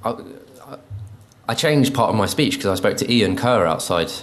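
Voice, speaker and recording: Low-voiced, hesitant, indignant male speaker. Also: expressive, normal speed. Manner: hesitant, full of ums, indignant. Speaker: conference speaker. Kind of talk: informal conference speech. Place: conference venue.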